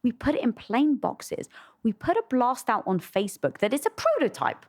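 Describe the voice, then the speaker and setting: A woman's voice: on the high side, normal speed. A British woman, a podcast guest, telling stories with emphatic delivery and acted-out quotes. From Britain. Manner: lively, acts out quoted voices, emphatic. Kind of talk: storytelling in a conversational interview.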